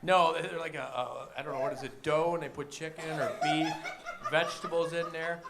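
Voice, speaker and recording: High-voiced stand-up comedian man. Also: normal speed, gravelly, heavy background noise. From Michigan, Detroit area. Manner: deadpan one-liners with wry asides.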